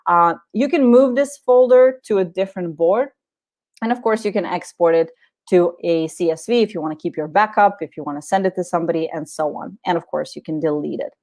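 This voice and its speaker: Woman webinar host, slightly low voice, friendly walkthrough with fillers. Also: brisk, darkish tone. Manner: friendly, many fillers, talks viewers through clicks. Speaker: webinar presenter. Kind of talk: live software tutorial webinar.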